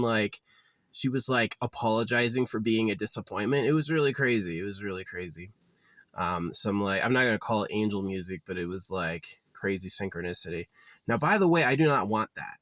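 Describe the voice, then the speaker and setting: A man's voice: on the low side, a bit bright, no echo. Guy ranting and cussing on his vlog, kinda rambly and fed up, dry close sound. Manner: rambling, profane, exasperated. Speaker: vlogger. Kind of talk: casual ranting monologue.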